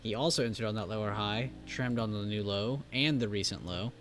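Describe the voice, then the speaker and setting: Faint music sits behind a man with a lowish voice as he hosts a live stream from his Texas home studio. Chatting fairly quickly about trades, he stays easygoing, laughs often, and leans on plenty of fillers.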